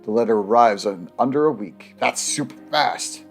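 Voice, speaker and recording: Brief: let's play man reading game narration between jokes, medium pitch, faint music under him. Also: normal speed. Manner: reads narration, breaks off into laughter and jokes. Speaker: gamer reading the game text aloud.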